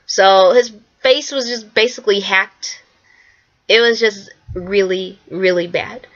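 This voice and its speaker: A woman's voice: mid-range voice, takes it slowly, highs cut off. A young woman artist giving a casual, earnest spoken presentation, repeating herself for emphasis and often acting out quotes. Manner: earnest, repetitive, acts out quotes. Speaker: artist presenting her work.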